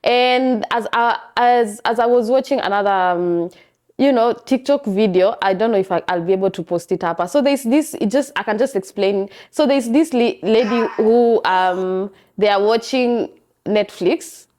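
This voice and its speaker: A young woman with a Kenyan accent, hosting a podcast in a chatty, expressive monologue. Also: fairly high pitch, moderate pace. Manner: chatty, expressive, animated storytelling. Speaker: podcast host. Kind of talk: casual monologue.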